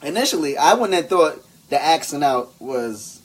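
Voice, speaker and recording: A man co-hosting a podcast in casual banter, animated and slangy, acting out the quotes in his stories. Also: fairly high pitch, normal speed, slightly rough. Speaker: podcast co-host.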